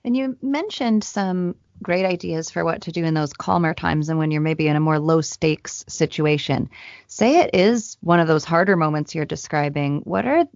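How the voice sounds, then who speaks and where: A woman's voice: low-pitched, dry recording, lo-fi sound. A woman co-hosting a parenting podcast, asking her guest questions in an appreciative way. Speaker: podcast co-host. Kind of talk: interview questions.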